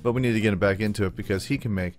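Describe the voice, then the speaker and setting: A man's voice: lowish voice, rapid-fire. A man hosting a let's-play, chatting casually in slang, rambling and talking to himself as he plays. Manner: excitable, slangy, rambling, talks to himself while playing. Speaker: gaming channel host.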